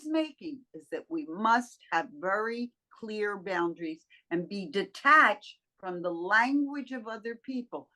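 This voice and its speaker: High-pitched enthusiastic woman. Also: bright, forceful tone. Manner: emphatic, enthusiastic, playful. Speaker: co-host. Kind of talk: casual coaching chat.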